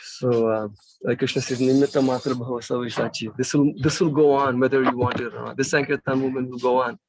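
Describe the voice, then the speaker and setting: Gravelly man leading a scripture class. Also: mid-range voice, little pitch movement, fast talker, poor audio. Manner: casual, searching phrasing with fillers. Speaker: class speaker. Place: temple room.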